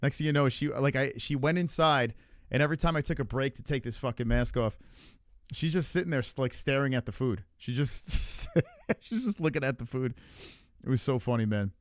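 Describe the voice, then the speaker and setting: A man's voice: mid-range voice, animated, a little fast, dry recording, clean studio sound. Loose, swearing male livestream host. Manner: rambling, loose and swearing a lot. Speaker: livestream host reading chat. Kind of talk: casual profane livestream chat.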